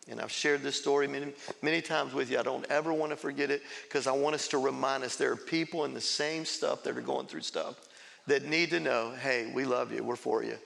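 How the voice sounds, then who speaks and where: Preacher with a gravelly, bright voice. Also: male voice, medium pitch, a little fast, in a large hall. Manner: storytelling with laughs and acted quotes. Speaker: pastor. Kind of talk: sermon testimony. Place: large church sanctuary.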